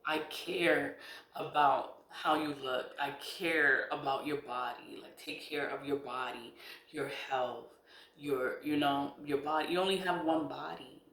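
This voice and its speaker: A woman's voice: low voice, fairly even intonation, measured pace, a bit bright. Blunt, swearing woman in a roomy space. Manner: blunt and candid, swears freely, laughs between lines. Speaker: spiritual content creator. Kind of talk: casual personal storytelling. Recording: roomy echo.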